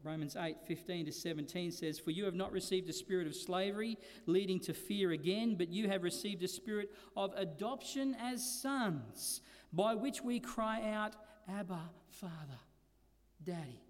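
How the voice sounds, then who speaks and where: A man preaching a sermon as pastor, slowing down to stress key words and moving between loud emphatic lines and quiet ones. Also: high-pitched, in a large hall. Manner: preaching with slow emphatic stresses and dynamic swings.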